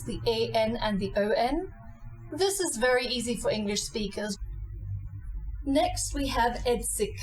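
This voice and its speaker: A woman giving a pronunciation lesson, modelling each name slowly and repeating it, blunt about common mistakes. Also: on the high side, slight background noise, poor audio. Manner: brisk and blunt about mispronunciations. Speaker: pronunciation teacher.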